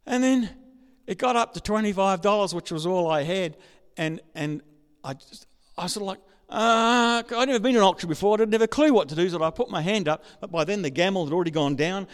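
A man preaching a sermon, telling a personal story and building up to excited shouting. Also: sits high, fairly quick, smooth. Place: large church hall. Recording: reverberant hall.

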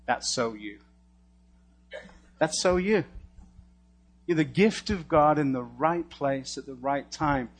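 Male preacher, higher than usual voice, casual humorous storyteller who swings from quiet to loud. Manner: animated storyteller with sudden shifts between hushed and loud; casual and humorous, laughs at his own lines. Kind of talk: storytelling sermon and spoken prayer.

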